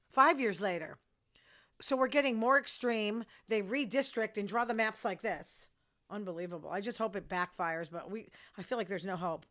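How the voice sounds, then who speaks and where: An older woman hosting her own show, chatting bluntly about the news and her personal life and quickly getting outraged. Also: mid-range voice, a bit bright. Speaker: show host. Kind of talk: casual news commentary.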